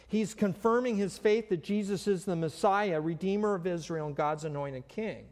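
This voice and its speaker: This man's voice sits high with a darkish tone as he preaches a sermon as pastor, the hall's long reverb trailing behind him. He talks conversationally, often restarting and using fillers.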